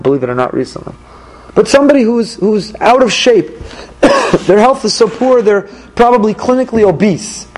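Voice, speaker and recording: A male rabbi teaching a weekly Torah class, animated and acting out dialogues in little quoted voices. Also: sits high.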